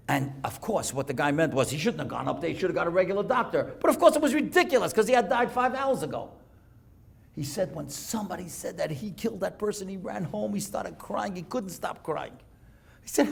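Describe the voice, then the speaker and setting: A man rabbi tells stories in a synagogue talk, his voice pitched high with a gravelly edge. He speaks in an animated way, reads Hebrew texts aloud and translates them as he goes. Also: fairly quick. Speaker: rabbi giving a guest lecture. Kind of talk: storytelling sermon. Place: synagogue lecture.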